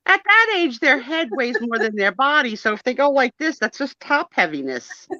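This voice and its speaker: A woman's voice: sits high, sing-song, moderate pace, bright, forceful tone, no echo, lo-fi sound. A woman co-hosting a live vintage sale, chatting casually and joking about herself. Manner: chatty, jokey, self-mocking. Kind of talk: casual chat. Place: home, selling vintage items on a live stream.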